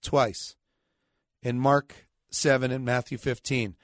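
A middle-aged man, a pastor hosting a radio show, preaching argumentatively with sarcastic rhetorical questions and slow, stressed scripture quotes. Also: mid-range voice, steady tone, no room sound, clean studio sound.

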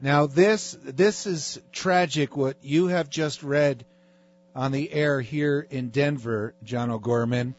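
A man's voice: medium pitch, slow, highs cut off. A man hosting a talk radio show, speaking in an emphatic, preachy way.

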